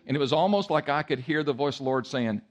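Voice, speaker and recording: A man's voice: on the high side, fast. Storytelling male pastor preaching. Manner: lively storytelling, acting out voices and sounds. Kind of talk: sermon.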